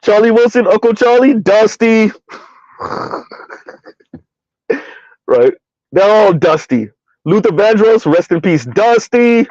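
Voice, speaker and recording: A middle-aged man riffs in a loose comic rant, laughing between lines. His voice sits high and lifts into a sing-song on every repeated punchline. The recording is dry and a little dull, like a lo-fi home setup. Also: animated, slow, pauses often, a little mellow, no room sound. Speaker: commentary vlogger. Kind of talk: casual comedic rant.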